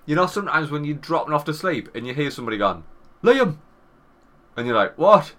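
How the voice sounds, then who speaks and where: Northern english bloke, 30s, bright tone, swears a lot, tells a story doing the other people's voices. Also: male voice, on the high side, quick pace. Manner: swearing, animated anecdote with quoted voices. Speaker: podcast co-host. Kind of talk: casual storytelling chat.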